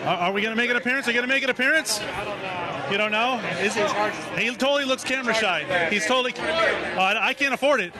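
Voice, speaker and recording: A man's voice: extremely high pitch, quick pace. A man hosting a walking live stream at an outdoor car show, upbeat and hyping the crowd, a little out of breath.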